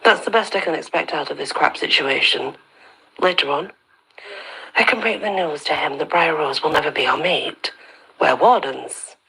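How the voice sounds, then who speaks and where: A woman reading a story aloud as host of her own channel, steady and even, with soft half-whispered dips. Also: sits low, moderate pace, creaky, husky, rough recording.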